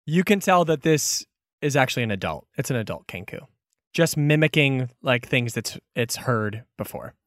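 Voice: mid-range voice, expressive, moderate pace, no echo, studio quality. A game master narrating a tabletop game in a playful manner, often laughing.

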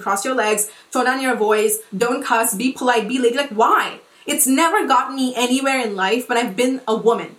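A young woman in her twenties talks fast and heated, full of swearing and filler words, in a fairly high voice. She sounds like a podcast host venting to her listeners. The room is echoey. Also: fairly bright tone. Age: 20s. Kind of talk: casual monologue.

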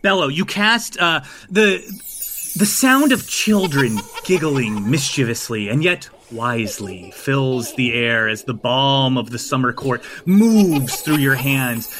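A man narrating as game master of a tabletop game in a loose, halting, joking way. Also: medium pitch, expressive, a bit bright, slight background noise.

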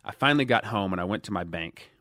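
A man in his thirties from Dallas, telling stories in a casual interview, animated, swinging between loud emphasis and quiet asides. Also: fairly low pitch, quick pace, no room sound, clean studio sound. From Dallas, USA. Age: 30s. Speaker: guest.

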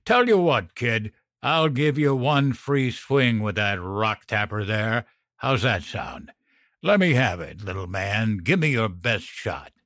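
A man's voice: lowish voice, lively intonation, slow pace, a bit bright, no echo, clean studio sound, exaggerated voice. A man voicing a brutal, foul-mouthed adult male biker who snarls profane threats. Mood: taunting.

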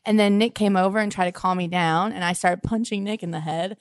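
A woman hosting a comedy podcast, playful and jokey, rambling through quick asides. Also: mid-range voice, steady tone, no echo. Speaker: podcast host. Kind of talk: comedic podcast chat and sung bit.

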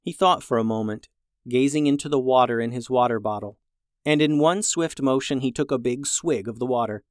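A narrator reading a children's storybook aloud, lively, shifting voices for each character. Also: mid-range voice, a little fast, no echo, clean studio sound.

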